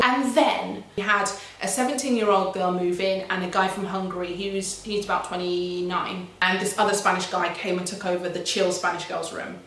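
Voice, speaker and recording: A young woman recounts events in a lively, slangy way, leaping up in pitch whenever she quotes someone. Her voice sits at a middle pitch. It is caught from a distance in a very echoey room at home. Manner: animated, slangy, acts out quotes with high pitch jumps. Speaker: vlogger. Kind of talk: casual storytelling vlog. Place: shared house living room.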